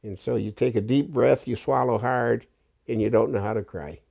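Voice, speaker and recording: Speaking at a normal speed in a gravelly, mellow mid-range voice, an elderly veteran in his eighties tells his war stories bluntly for a documentary, now and then swearing.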